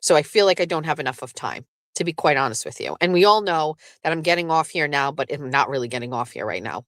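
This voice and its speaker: A woman's voice: low voice, fast, no echo. A woman from southeastern Massachusetts hosting a show in casual, rambling chat, swearing freely and often laughing. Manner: lively, breaks into laughs. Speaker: show host.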